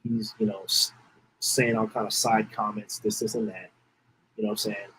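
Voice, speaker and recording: A podcast host with a lowish voice tells a story casually and ramblingly, repeating phrases as he holds back tears. His delivery is flat at a normal speed, with a fairly bright tone. The recording is rough, with a little hiss or hum.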